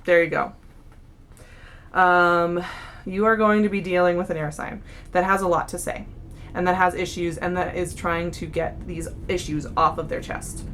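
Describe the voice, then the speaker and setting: A woman's voice: on the low side, little pitch movement, normal speed, slight background noise. A young woman giving a casual monthly tarot reading, chatty, with frequent fillers and restarts. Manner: chatty, warm-hearted, many fillers and restarts. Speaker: tarot reader.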